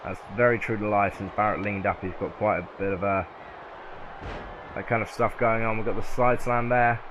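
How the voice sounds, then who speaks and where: Southern English male commentator with a lowish voice and loud game sound behind him, who gets excitable and shouts at near-falls. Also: normal speed, noisy background.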